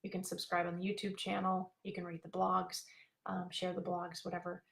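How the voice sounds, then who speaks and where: A woman's voice: fairly low pitch, monotone, a little fast, vocal fry. A woman life coach talking live to her viewers in a bubbly, chatty way, with many fillers. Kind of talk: live-streamed coaching talk.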